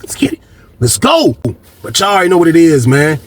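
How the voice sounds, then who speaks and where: A man's voice: on the high side, big pitch swings, a little fast, slight background noise. A man hosting a storytelling video, talking casually and profanely, acting out quoted voices and repeating "man" a lot. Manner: profane, repetitive, keeps saying "man".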